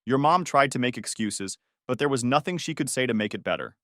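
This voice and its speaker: A heartbroken middle-aged father, quiet and shaken, speaking in a low, grave way, as a male narrator plays him. The voice is close and dry, with no room echo. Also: animated, a little fast. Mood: grieved.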